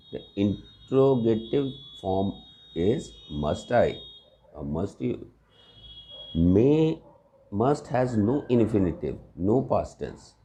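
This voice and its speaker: A man's voice: fairly low pitch, dark tone. A man teaching English grammar in a recorded lesson, explaining patiently with examples and often checking with "right?".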